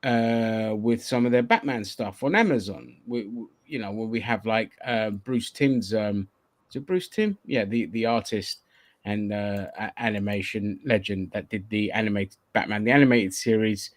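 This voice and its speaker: A man's voice: lowish voice, moderate pace, dry recording. A man hosting a casual online chat show, rambling and swearing, with lots of restarts. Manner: profane, rambling, many restarts. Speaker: podcast host.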